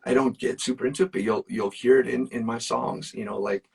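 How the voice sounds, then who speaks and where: A man's voice: medium pitch, steady tone, brisk, creaky, a little mellow, slightly rough, far from the mic. A man, a musician guest, telling personal stories in casual chat, earnest and emphatic, with plenty of fillers. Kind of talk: casual storytelling.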